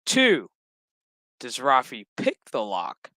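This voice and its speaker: Speaking slowly in a mid-range voice with no room sound, this show recap host runs through a TV episode in a loose, animated way. He curses freely and jokes along the way.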